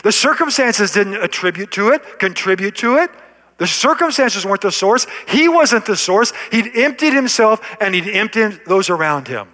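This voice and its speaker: A man's voice: sits high, expressive, normal speed, bright, forceful tone. A man preaching a sermon as pastor, building to emphatic, repeated lines and dropping to a near-whisper at the ends of phrases. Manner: preaching with rising emphasis and repetition. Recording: long hall reverb.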